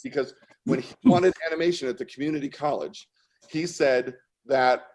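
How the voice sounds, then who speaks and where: A man telling a story with mounting excitement, his voice jumping up into shouts and laughs. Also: mid-range voice. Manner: animated, fast-building, breaks into shouts and laughter. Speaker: artist guest. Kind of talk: excited storytelling on a video call.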